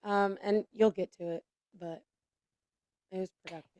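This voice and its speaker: A woman co-hosting a casual political podcast, telling stories in a lively way and often stumbling and restarting mid-sentence. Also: mid-range voice, no room sound. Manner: animated storytelling, quick stumbles and restarts. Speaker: podcast co-host.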